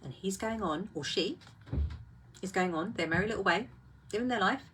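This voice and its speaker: A woman's voice: medium pitch, normal speed, a bit bright, a little hiss or hum. A woman hosting a casual live talk, reflective and full of rhetorical questions.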